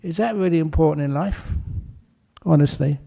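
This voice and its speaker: A man giving a Buddhist dharma talk, explaining with gentle humour and telling a story to make his point. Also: a little high, moderate pace, creaky. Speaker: Buddhist teacher.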